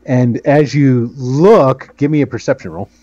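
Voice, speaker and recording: A man's voice: mid-range voice, measured pace, warm tone, no echo, lo-fi sound. A man narrating as game master in a tabletop game, rambling with many fillers.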